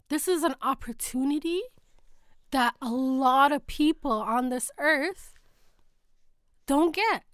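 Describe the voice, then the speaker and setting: A woman's voice: sits high, slow pace, pauses often, dry recording, studio quality. Heartfelt woman telling her story. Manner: heartfelt, softly emotional, voice dropping to near whisper. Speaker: podcast guest. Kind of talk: casual personal storytelling. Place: dark studio.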